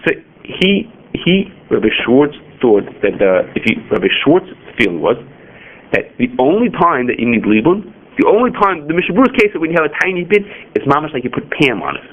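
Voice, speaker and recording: A man teaching a class on Jewish law, animated and rhetorical, often asking questions and answering them himself. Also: lowish voice, fairly quick, dull audio. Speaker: Torah teacher. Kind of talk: halacha class.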